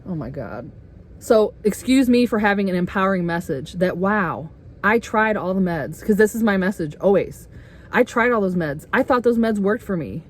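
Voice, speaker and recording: A middle-aged woman vlogging a heated, swearing rant with sarcastic rhetorical questions, getting loud at times. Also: medium pitch, lively intonation, normal speed. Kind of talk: angry personal rant to camera. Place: RV interior.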